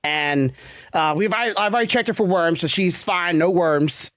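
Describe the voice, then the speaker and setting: A woman's voice: fairly low pitch, moderate pace, dry recording. A woman hosting a casual podcast, rambling and often searching for words with many fillers. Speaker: podcast host.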